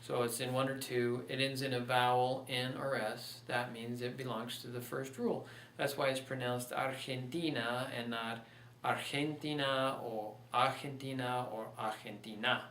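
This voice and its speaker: A man's voice: medium pitch, level tone, normal speed, hardly any pauses, a bit bright, recorded from a distance, slight background noise. Patient male teacher in an echoey room. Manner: patient, walks through examples step by step. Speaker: Spanish teacher. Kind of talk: recorded online lecture.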